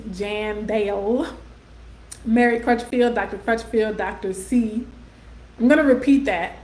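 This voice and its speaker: A woman, hosting a casual live stream in a chatty way, often checking in with "right?" and "y'all" as she reads viewer comments aloud. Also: a little high. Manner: warm conversational, frequent "um", "right?" and "y'all", laughs often. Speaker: host of a live video series. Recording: echoey room.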